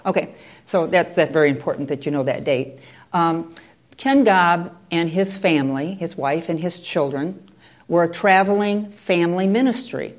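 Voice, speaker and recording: A woman's voice: fairly low pitch, normal speed. A woman telling a story in a conversational way, with digressive asides. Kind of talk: oral storytelling.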